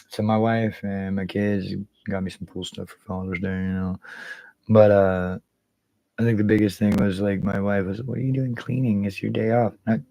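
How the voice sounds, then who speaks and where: A man's voice: fairly low pitch, darkish tone, no room sound, rough recording. A man hosting a casual livestream, rambling and swearing freely while greeting viewers by name. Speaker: livestream host.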